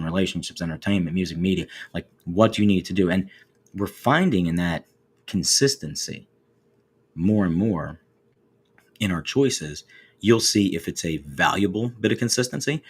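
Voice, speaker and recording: An American man in his forties hosting a talk show, musing in a relaxed, conversational way and often repeating words. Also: low voice, husky. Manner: conversational, repeats words, acts out quoted voices. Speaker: radio show host. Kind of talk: reflective monologue.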